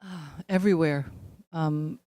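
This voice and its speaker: A woman's voice: low voice, a little slow, mellow, no room sound. A woman actress being interviewed, chatting casually with frequent laughs and fillers. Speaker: actress guest.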